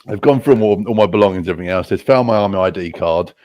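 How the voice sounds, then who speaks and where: A man's voice: low-pitched, fast talker, warm tone, no room sound. A British man telling rowdy stories casually, swearing a lot and laughing at himself. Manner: crude, profane, laughing at his own stories. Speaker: storyteller.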